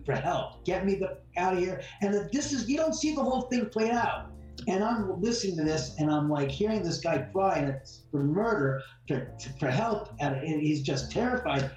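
A homeowner being interviewed as a guest bluntly tells a heated story, acting out the exchanges in it. His voice is high and a little mellow, picked up by a distant mic in a roomy space with faint music behind.

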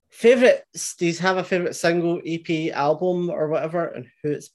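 Woman host, really low voice, easygoing, laughs along. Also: normal speed, a little mellow. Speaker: podcast host. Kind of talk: casual interview chat.

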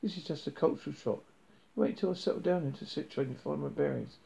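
A man's voice: a little high, fast, vocal fry, dark tone. A man voicing Arthur, a flustered, indignant man who complains in a stammer and edges toward hysteria. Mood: indignant, panicky. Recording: dull lo-fi recording.

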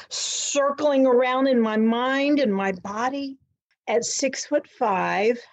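A woman's voice: a little high, darkish tone. A woman performing a personal spoken-word story with a dramatic, emphatic delivery and a lot of repetition.

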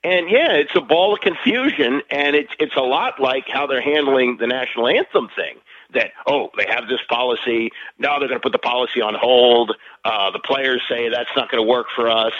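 A man calling in as a guest over the phone, chatting about sports in a lively, conversational way. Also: medium pitch, moderate pace, no room sound. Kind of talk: casual sports talk. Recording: muffled phone line.

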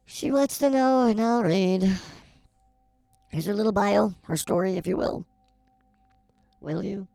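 A woman's voice: mid-range voice, unhurried, gravelly, long pauses, warm tone, no echo, soft background music. A woman playing a sassy, blunt sidekick on a comedy psychic show, full of teasing wisecracks. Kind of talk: comedy sketch.

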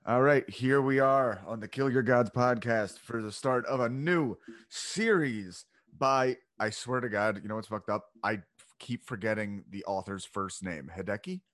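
A man's voice: mid-range voice, a little slow, fairly bright tone, faint music behind. A man hosting a podcast in casual chat, loose, rambling and profane. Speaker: podcast host. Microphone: home podcast mic, separate channel.

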